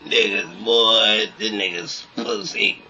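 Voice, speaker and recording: A man trash-talking on camera in a bowling alley, hurling mocking insults in aggressive, rapid-fire banter. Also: lowish voice, fairly even intonation, dull audio, faint music behind. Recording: distant mic, loud crowd around.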